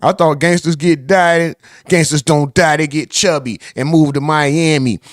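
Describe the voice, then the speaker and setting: A man's voice: fairly high pitch, steady tone, a little slow, no echo, studio quality. A man hosting a casual livestream, reading chat messages aloud and bantering in loose, profane talk.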